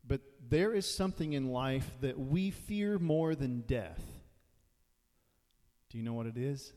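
A pastor with a mellow, medium-pitched voice preaches conversationally, occasionally acting out the voices he quotes. Long hall reverb trails his words.

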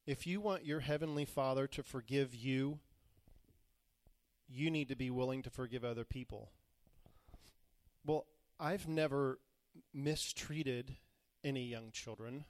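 A man's voice: medium pitch, no room sound. A man preaching a sermon, retelling scripture in plain, modern words and acting out the quoted voices. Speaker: pastor.

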